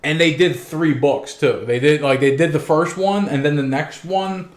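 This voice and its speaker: A man's voice: fairly high pitch, normal speed. A young man co-hosting a podcast, telling stories in a laid-back, profane casual chat. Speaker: podcast co-host. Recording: roomy echo.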